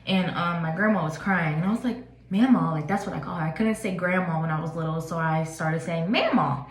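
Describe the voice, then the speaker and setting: Chatty woman in her twenties, lower voice. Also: fairly even intonation, fast talker. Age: 20s. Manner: casual, chatty, many fillers. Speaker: vlogger. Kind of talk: personal storytelling vlog. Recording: echoey room.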